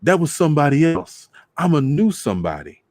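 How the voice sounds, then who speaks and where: A grown uncle gets defensive and exasperated, as a man voices him well above his own pitch. The storybook read is close and dry. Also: sing-song, fairly quick, darkish tone, dry recording. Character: grown uncle making excuses, teasing.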